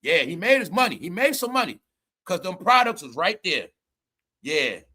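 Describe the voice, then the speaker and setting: A man's voice: high voice, very animated, moderate pace, sharp tone, slightly rough. A man giving casual, comedic commentary as a vlogger, rambling, swearing, laughing and stammering as he talks.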